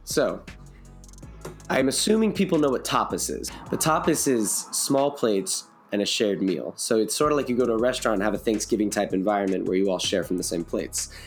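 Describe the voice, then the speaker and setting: A man with a fairly low voice co-hosts a podcast, joking and teasing himself in a loose conversational way. He talks over a call with faint music underneath. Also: expressive, fairly quick. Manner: playful, jokey, self-mocking. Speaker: podcast co-host. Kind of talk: casual chat.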